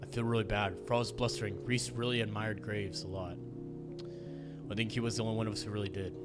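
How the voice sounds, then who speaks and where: A man's voice: on the low side, steady tone, fast, loud music behind the voice. A man streaming a visual novel, reading it aloud with playful, wry asides.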